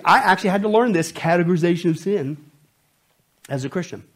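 Male pastor, sermon, husky, slightly high, animated, joking. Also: quick pace. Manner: animated, swings from loud to hushed, jokes.

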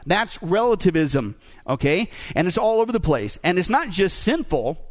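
A man's voice: high voice, sing-song, moderate pace. A male pastor preaching a sermon, joking and asking the congregation rhetorical questions.

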